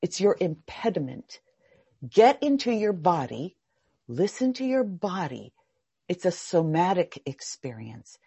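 A woman's voice: low-pitched, a little mellow, breathy edge, dry recording. An older woman teaching a meditation workshop, talking in a chatty storytelling way with laughs and restarts. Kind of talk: workshop talk with personal stories.

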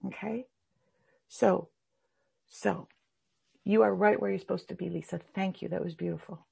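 Husky, gravelly-voiced woman teacher. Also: medium pitch, fairly even intonation, normal speed, a little mellow. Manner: heartfelt, rambling, emphatic. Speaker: meditation teacher. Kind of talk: teaching a class.

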